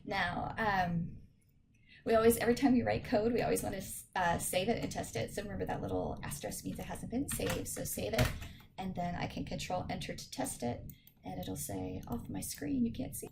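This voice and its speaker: Woman tutor with a gravelly edge, talking through code in a casual, joking way, noisy recording with typing behind. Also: medium pitch, expressive, brisk. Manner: chatty, self-deprecating, thinking aloud. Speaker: programming teacher. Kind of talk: screen-recorded coding tutorial.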